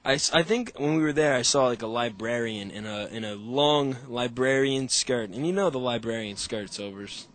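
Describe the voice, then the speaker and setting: A young man hosting a podcast on a call, telling animated, profane stories in casual chat. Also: mid-range voice, normal speed, few pauses. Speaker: podcast host.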